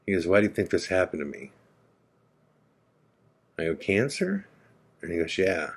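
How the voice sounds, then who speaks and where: A podcast host, a man, slowly and quietly retelling a heartfelt conversation, quoting both sides. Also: low voice, breathy edge. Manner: slow, quiet, reflective retelling with quoted dialogue. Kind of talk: emotional personal storytelling.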